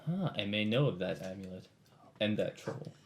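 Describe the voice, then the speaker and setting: A man playing a tabletop game, speaking in character as a cleric in formal, measured phrases. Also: on the low side, lively intonation, gravelly, slight background noise. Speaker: player. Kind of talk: in-character role-play as a cleric.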